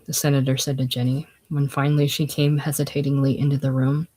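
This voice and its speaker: A casual reader narrating a classic novel aloud in a plain, unhurried way, dropping lower and quieter on speech tags. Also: poor audio. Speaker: audiobook reader.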